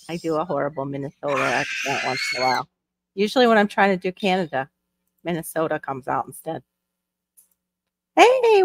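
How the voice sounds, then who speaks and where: A woman hosting a casual livestream, chatting and greeting viewers from the chat as she reads it. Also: on the low side. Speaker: livestream host. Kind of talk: casual live-stream chat.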